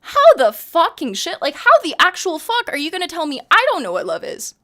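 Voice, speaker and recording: A woman's voice: extremely high pitch, huge pitch swings, fairly quick, fairly bright tone. A woman in her twenties venting to her stream chat, heated and emphatic, swearing often. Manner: heated, profane, emphatic ranting.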